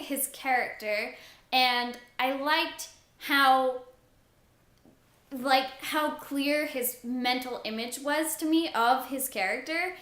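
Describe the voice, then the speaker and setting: A young woman vlogging a casual book review, excitable and gushing, often saying "like". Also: high voice, reverberant.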